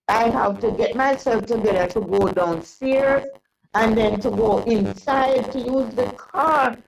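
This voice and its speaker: An older woman telling a long personal story in an interview, rambling and halting with many restarts. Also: a little high, vocal fry, rough recording. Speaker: interview guest. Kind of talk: casual storytelling.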